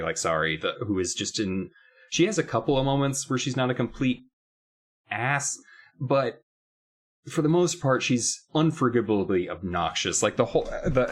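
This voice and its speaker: A man with a fairly low voice talks through a book review in loose, casual chat. He rambles and circles back, pressing his points hard and getting animated as he picks the story apart. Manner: rambling, emphatic, animated when complaining. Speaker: podcast co-host.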